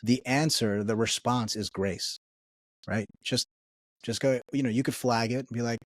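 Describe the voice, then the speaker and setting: A man's voice: mid-range voice, steady tone, moderate pace, no room sound, clean studio sound. A man speaking as an interview guest, talking earnestly and often checking in with "right?" as he explains his views. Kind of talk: conversational interview.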